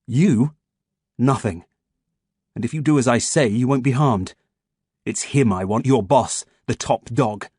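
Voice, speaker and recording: A man reading an audiobook, voicing a scheming male scientist villain who taunts in a silky, mock-gentle manner. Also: mid-range voice, measured pace, long pauses, husky, no echo, studio quality. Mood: taunting.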